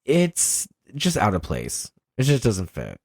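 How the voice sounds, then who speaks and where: A man co-hosting a podcast in casual chat, animated and profane, laughing often. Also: fairly low pitch, takes it slowly, dry recording, studio quality. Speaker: podcast co-host.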